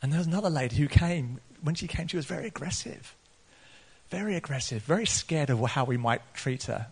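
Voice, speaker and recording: An earnest male preacher delivers a sermon, his slightly high voice climbing sharply whenever he gets excited. He laughs often between points. He keeps an open, personal tone throughout. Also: brisk, husky. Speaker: pastor.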